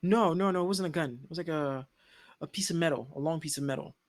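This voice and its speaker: A young man co-hosting a casual TV episode discussion, slangy and animated, often breaking into laughter as he retells scenes. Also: on the high side, fast, a little hiss or hum. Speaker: podcast co-host.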